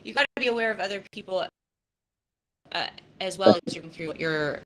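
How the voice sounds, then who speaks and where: A woman's voice: medium pitch, brisk, noisy background. A woman in her fifties hosting a live podcast, talking in a raw, emotional and profane way, near tears and restarting her sentences often. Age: 50s. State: close to tears. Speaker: podcast host. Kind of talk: casual live podcast talk.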